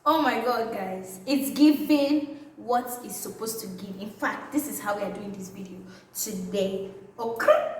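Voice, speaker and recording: A young woman with a Nigerian accent, chatting playfully and excitedly in a casual vlog. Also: on the high side, a little hiss or hum. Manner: playful and excitable, drawn-out catchphrases. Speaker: vlogger. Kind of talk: casual vlog showing items to camera. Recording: very echoey room, slightly distant mic.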